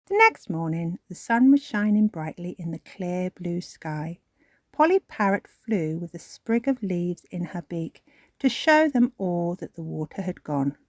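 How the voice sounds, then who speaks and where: A woman reads a children's storybook aloud at an unhurried pace. Her pitch lilts and swoops expressively, and the sound is close and dry. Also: no room sound. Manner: slow, expressive reading.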